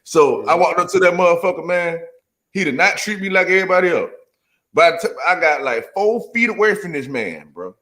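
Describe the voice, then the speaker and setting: Man, high bright voice, swearing storyteller in loose casual talk. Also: fairly quick. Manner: profane, animated storytelling with lots of slang. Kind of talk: casual chat.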